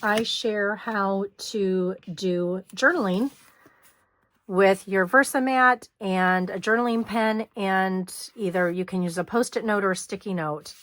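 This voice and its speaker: A middle-aged woman hosting a hands-on scrapbooking tutorial, chatting casually as she works and clearing a slightly hoarse throat now and then. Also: medium pitch, unhurried, fairly bright tone, no room sound. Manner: chatty, talks while working, frequent throat clearing. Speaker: scrapbooking host.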